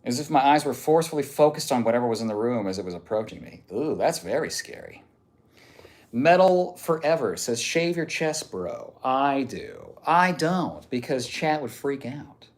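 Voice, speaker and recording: A man's voice: mid-range voice, big pitch swings, moderate pace. A man streaming live, reading viewer messages aloud in a joking, off-hand way. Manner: joking, off-hand, reads messages out one after another.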